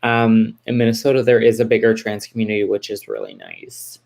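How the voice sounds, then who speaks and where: A woman in her forties from Texas hosts a relaxed livestream, talking straight to her viewers. She reads their comments aloud and answers with warm reassurance. Her speech is loose and rambling, with plenty of fillers and restarts. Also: extremely low pitch, brisk, vocal fry. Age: 40s. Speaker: livestream host.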